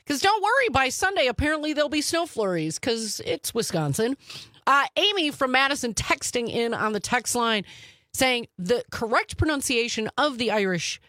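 A woman's voice: fairly high pitch, moderate pace, no echo, studio quality. A woman hosting a talk radio show, opinionated and emphatic, stretching out words to make her points. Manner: animated and emphatic, dragging out key words. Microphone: studio microphone.

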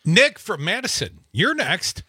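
Lively, joking male radio co-host. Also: high voice, a little slow, a little hiss or hum. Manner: jokey, opinionated, lively. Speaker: radio talk show co-host. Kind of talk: casual call-in talk radio.

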